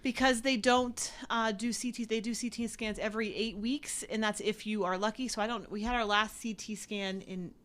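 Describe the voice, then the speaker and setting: A chatty woman co-hosting a casual live stream, her voice sitting a little high. She talks loosely with lots of fillers and quick giggles. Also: fairly even intonation, a bit bright. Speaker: co-host.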